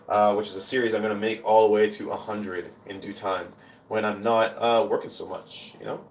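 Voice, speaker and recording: A man's voice: lowish voice, flat delivery, brisk. A man performing his spoken word poetry on a live stream, with casual rambling talk between the poems and chanted, repeated lines within them. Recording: roomy echo.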